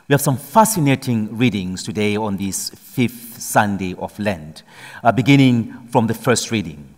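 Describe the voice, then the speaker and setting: With a fairly low, expressive voice and a long reverb tail behind him, a priest reads the Gospel solemnly before preaching a homily whose intensity builds as he drives his points home.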